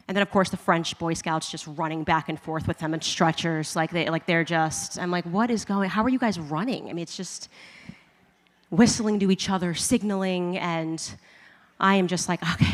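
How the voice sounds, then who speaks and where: A woman speaks to a live crowd, telling a personal story in a chatty, humorous way and often laughing. Her voice sits on the low side. A long reverb trails each phrase, as in a large event hall. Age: adult with a husband and kids. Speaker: speaker giving a conversion testimony.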